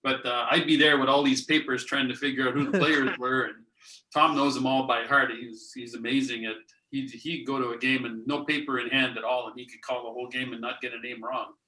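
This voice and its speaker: Bright-voiced older man. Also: medium pitch, flat delivery, a little fast, poor audio. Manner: plain-spoken, rambling with restarts. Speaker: guest, host's father. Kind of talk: casual chat.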